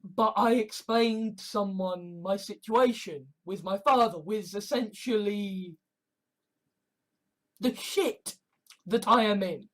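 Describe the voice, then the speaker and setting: A man's voice: high-pitched, takes it slowly, fairly bright tone. A man ranting in a blunt, emotional monologue, swearing freely as an online preacher.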